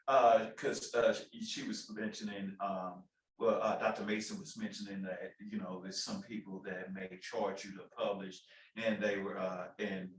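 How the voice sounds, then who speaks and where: A man moderating a panel, reading out audience comments in a halting way with many fillers. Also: lowish voice, little pitch movement. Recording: roomy, distant audio.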